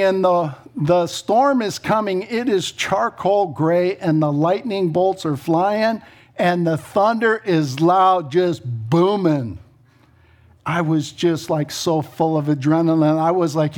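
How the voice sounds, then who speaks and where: A middle-aged man preaching a sermon, telling stories with laughs and quick asides before turning to scripture. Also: high-pitched. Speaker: pastor.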